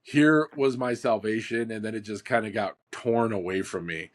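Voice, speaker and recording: Man, podcast co-host, animated storyteller, casual, throws in "like" and "dude" a lot. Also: on the low side, normal speed. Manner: animated, acts out quotes, says "like" and "dude" often.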